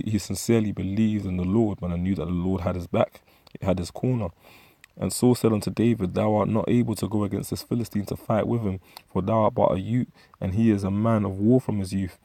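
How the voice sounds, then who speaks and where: A man's voice: fairly low pitch, mellow, dry recording. A man with a London accent teaching from the Bible, reading verses aloud and then retelling them in street slang with many restarts. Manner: frequent fillers and restarts. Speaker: street preacher.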